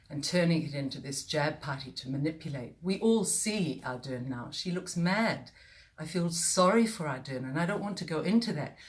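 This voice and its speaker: A middle-aged woman with a New Zealand accent, a former broadcaster, speaking straight to camera in an impassioned, emphatic way with deliberate pauses. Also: sits low. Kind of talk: direct-to-camera address.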